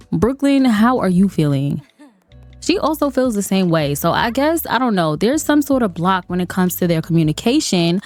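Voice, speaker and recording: A woman's voice: medium pitch, dry recording. Chatty woman gamer with a lilt. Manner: expressive, gasping and fretting over the characters; chatty, addresses viewers as y'all. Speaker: gaming creator narrating her gameplay. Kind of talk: casual gameplay commentary.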